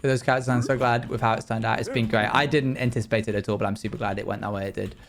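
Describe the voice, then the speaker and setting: Over crowd noise, a young male streamer chats with his audience in a low, creaky voice with fairly flat intonation. He's playful and talkative during the live game, dropping quick asides and exclamations.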